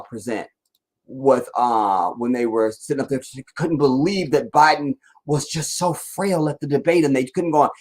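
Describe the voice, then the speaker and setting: A man's voice: medium pitch, darkish tone, rough recording. A man giving casual live-stream political commentary in a blunt, rambling, profane rant.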